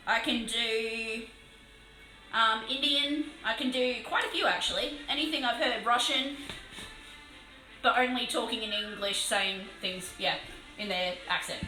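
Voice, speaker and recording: An Australian woman chatting casually on a live stream while painting a model, excitable and swearing freely. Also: on the high side, reverberant, poor audio.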